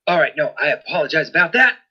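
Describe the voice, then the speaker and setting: A man's voice: a little high, very animated, quick pace, sharp tone, slightly rough, dull audio. A man hosting a tabletop game stream, chatting casually between sessions, apologetic and rambling with plenty of fillers. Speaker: host.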